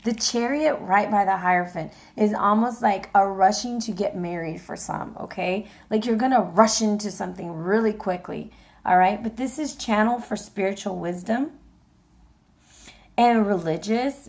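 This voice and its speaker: A woman's voice: mid-range voice, unhurried, darkish tone. Chatty woman reading tarot. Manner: chatty, addresses viewers directly, frequent fillers and laughs. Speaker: tarot reader. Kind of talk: casual tarot reading to viewers.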